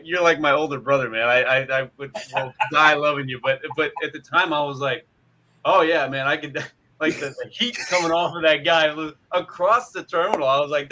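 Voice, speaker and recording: A man's voice: fairly high pitch, brisk, bright, forceful tone, rough recording. A man telling a story as a guest on a panel chat, laughing along.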